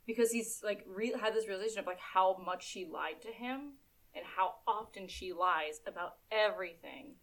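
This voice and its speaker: A woman's voice: mid-range voice, moderate pace, a bit bright. A young woman co-hosting a podcast, talking through a TV episode in a casual, thoughtful way with many fillers. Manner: thoughtful, filler-heavy, chatty asides. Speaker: podcast co-host. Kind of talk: casual TV recap chat.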